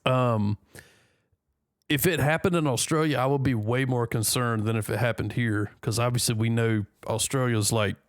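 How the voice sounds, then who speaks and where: A man's voice: medium pitch, fairly even intonation, no room sound, studio quality. A man from the United States reading a news story aloud and joking between lines in casual commentary. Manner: reads aloud haltingly, joking asides. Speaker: news reaction host.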